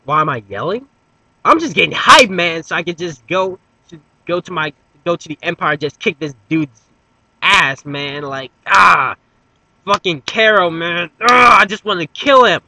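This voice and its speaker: A man voicing a hot-headed young male anime hero who rants, curses and yells in fury. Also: high-pitched, animated, measured pace, full character voice, low-quality recording. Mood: enraged. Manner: shouting, cursing rants.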